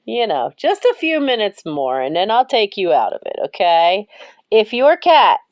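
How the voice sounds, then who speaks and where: A woman's voice: medium pitch, very animated, moderate pace, no room sound, dull audio. Giggly woman baby-talking to her cats. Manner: baby-talks to cats, breaks into frequent giggles. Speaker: pet vlogger. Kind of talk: casual talk to her cats while filming. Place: cold house, bedroom.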